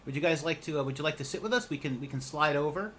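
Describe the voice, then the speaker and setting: A man voicing a friendly, sociable male halfling in a tabletop role-playing game, speaking with eager warmth. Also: a little high, very fast, a little hiss or hum, pitched above the performer's own voice, natural voice.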